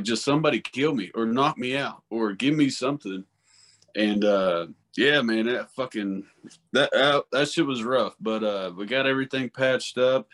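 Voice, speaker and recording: A man in his thirties hosts a loose, casual chat. He rambles and swears freely, telling his stories with animated energy. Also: mid-range voice. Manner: profane, rambling, animated storytelling. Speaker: podcast host.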